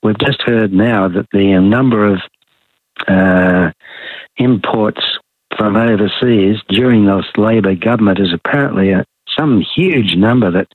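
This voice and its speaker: A man's voice: lowish voice, a little slow, dry recording. An older Australian man calling into a talk radio show, blunt and rambling as he airs his opinions. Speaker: caller. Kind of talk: casual talk radio call. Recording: tinny phone line.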